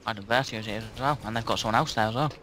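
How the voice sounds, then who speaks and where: A young man plays alongside a friend, answering in short, reactive bursts. His voice is bright and forward, and he keeps the talk light and joking. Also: on the low side, racing, a little hiss or hum. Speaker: gamer. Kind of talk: casual gaming chat.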